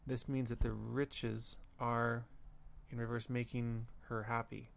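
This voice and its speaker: A man teaching a language lesson, slowly repeating words and pausing to think. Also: mid-range voice, level tone, gravelly. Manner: slow, careful, repeats words with pauses. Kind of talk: recorded audio lesson.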